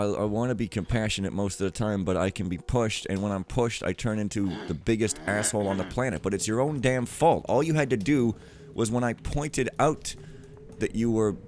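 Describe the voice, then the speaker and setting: The let's player's voice is lowish and darkish as he rambles through casual commentary on his gameplay. He rants and interrupts himself, and there is slight background noise.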